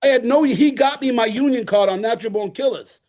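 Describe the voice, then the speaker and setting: Speaking in a very high voice at a fairly quick clip, this middle-aged actor from the Bronx tells lively stories as an interview guest. He has a New York accent, acts out what people said, and tends to repeat himself.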